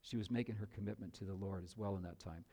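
A man preaching a sermon, telling a story in an animated way with joking asides to his listeners. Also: lowish voice, fast talker, breathy edge.

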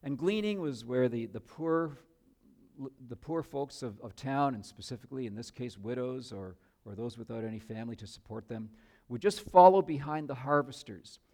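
Male preacher, sermon, animated storyteller, joking asides, mid pitch. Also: normal speed.

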